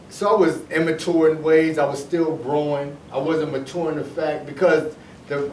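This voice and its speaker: A man's voice: fairly high pitch, darkish tone. Rambling man, echoey room from far off. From Detroit. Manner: rambling, repeats himself, restarts sentences. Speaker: storyteller recounting his past. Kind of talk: casual personal storytelling. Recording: echoey room, voice heard from off the mic, faint noise.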